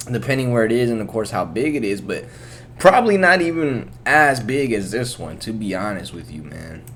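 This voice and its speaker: A man's voice: on the low side, sing-song, moderate pace, fairly bright tone. A man hosting his own vlog from his apartment bedroom, rambling in a loose, profane, laid-back way. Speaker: vlog host. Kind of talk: casual rambling vlog chat.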